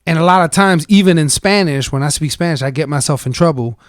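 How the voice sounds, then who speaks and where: Podcast co-host, man, fairly high voice, loose rambling storyteller, dry close mic. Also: quick pace, no room sound. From United States. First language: English. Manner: relaxed, rambling storyteller with restarts. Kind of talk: casual chat.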